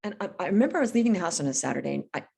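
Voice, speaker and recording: A woman's voice: fairly low pitch, very animated, rapid-fire, creaky, mellow, breathy edge. Blunt, emphatic middle-aged businesswoman. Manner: emphatic, blunt, acts out dialogue. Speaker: business coach guest. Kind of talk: casual podcast interview storytelling.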